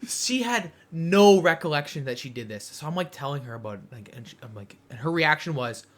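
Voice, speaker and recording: A young man co-hosting a podcast, telling a funny story in casual chat, animated and laughing often as he acts out quotes. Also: fairly high pitch, fairly quick. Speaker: podcast co-host.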